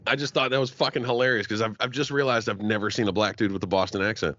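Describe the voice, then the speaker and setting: A low-pitched man riffing crudely on a podcast, cursing constantly and breaking into laughter between half-finished sentences. His voice is close and dry with little room sound. The recording is a bit dull and muffled. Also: steady tone, fast, a bit bright, no room sound. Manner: profane, joking, laughs often, trailing restarts. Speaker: podcast co-host. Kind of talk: crude comedic podcast banter.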